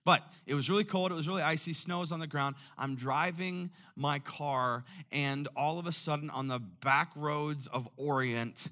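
A male pastor preaching a sermon, telling a personal story and acting out the dialogue with lively energy. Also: medium pitch. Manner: animated storyteller, acts out dialogue.

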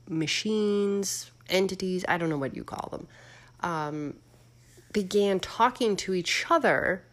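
A woman hosting a casual chat, musing out loud with lots of fillers and questions for her listeners. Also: medium pitch. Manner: musing, rambling, full of fillers; asks the audience questions. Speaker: host.

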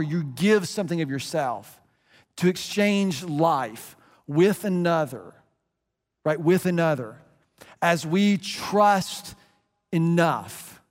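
A man's voice: a little high, big-room sound. A middle-aged man preaching a sermon as a pastor, earnest and conversational, often restarting his phrases.

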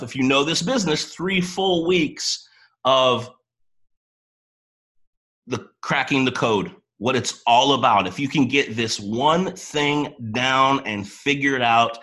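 Energetic man hosting a team call. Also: on the high side, rough recording. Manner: energetic, rambling, excitable. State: early-morning voice. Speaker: host of a coaching boot camp. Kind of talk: upbeat livestream talk to a team.

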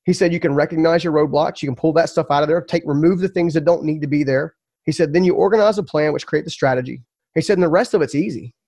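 A man's voice: on the high side, fast talker, a little mellow, no room sound. A man telling his story as a podcast guest, earnest and emphatic, often repeating words.

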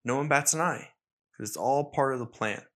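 A man quoting a mocking male film villain, his pitch climbing as he goes. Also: moderate pace, fairly bright tone, natural voice.

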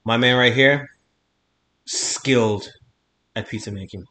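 A man's voice: mid-range voice, slow pace, bright, forceful tone. A man co-hosting a podcast as a comedian, in casual chat, joking and teasing with frequent laughs.

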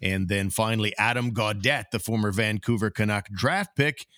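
A man's voice: fairly low pitch, moderate pace, fairly bright tone, dry recording, clean studio sound. A man co-hosting a casual sports podcast, upbeat as he reads through sponsor names and chats about hockey. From Canada. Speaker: podcast co-host.

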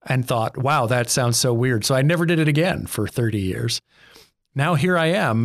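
A man's voice: medium pitch, no echo, studio quality. A man, co-hosting a podcast in a rambling, self-deprecating, jokey way. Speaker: podcast co-host. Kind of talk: casual chat.

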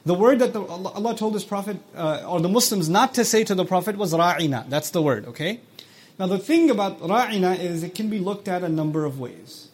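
A man's voice: high-pitched, lively intonation, husky. A man lecturing on scripture, explaining words and quoting short Arabic passages, who asks his listeners questions and acts out quoted speech. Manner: recites Arabic quickly between English explanations. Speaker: Quran teacher.

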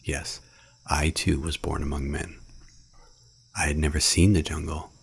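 Deep gravelly black panther, tender and grave, husky storybook voice, read by a man. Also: little pitch movement, a little slow, heavily acted.

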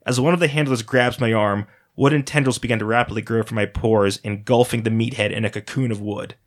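Man narrating a dark story. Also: medium pitch, steady tone, a little fast. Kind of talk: scripted first-person story narration.

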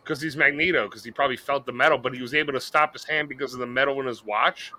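A man co-hosting a podcast, reacting to a film with animated, wisecracking remarks. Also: mid-range voice, fast, a crowd in the background. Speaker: podcast co-host. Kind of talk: casual movie watch-along chat.

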